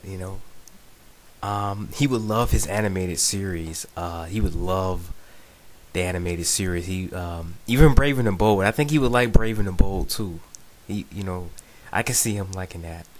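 A man giving a rambling, casual video response, full of ums and "you know what I'm saying". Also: lowish voice. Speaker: video blogger.

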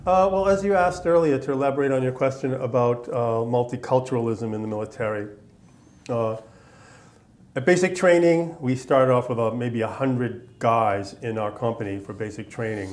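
A man in his fifties from Massachusetts recalls his army days in an oral history interview, rambling along with plenty of fillers. His voice is medium-pitched and somewhat dark, and he speaks at a normal speed.

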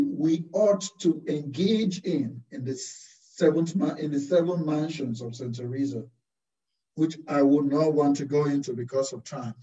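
A man, a Carmelite priest, preaching a slow, deliberate sermon full of rhetorical questions. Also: fairly high pitch, dark tone. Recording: distant, roomy, dull-sounding recording.

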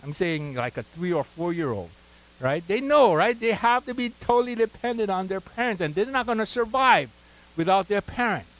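Man preaching, fairly high voice, chatty, call-and-response with the congregation. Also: lively intonation, normal speed, poor audio. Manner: call-and-response, prompting the congregation to fill in words; conversational, with asides like "right?" and "you know". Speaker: pastor. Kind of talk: sermon.

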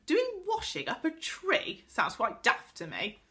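A woman doing a spoilt, excitable little girl. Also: measured pace, full character voice. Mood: indignant. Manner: high, excitable, indignant. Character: spoilt proud young girl, doubting.

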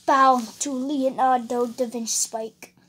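A high-voiced, pompous French Godzilla artist as a man puts him on drawls his boasts in a thick put-on French accent. He spits out little tuh sounds as he talks. The delivery is slow and theatrical. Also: little pitch movement, fairly bright tone, husky, exaggerated voice. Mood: haughty.

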